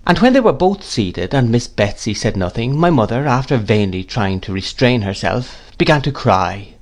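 A man's voice: mid-range voice, very animated, normal speed. Man reading a classic novel aloud. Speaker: audiobook narrator. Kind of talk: scripted narration of a classic novel.

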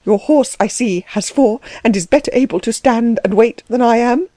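A woman voicing an agitated, indignant young male tutor who bursts out in trembling, shrill tirades. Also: expressive, measured pace, dark tone, no room sound, natural voice. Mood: furious.

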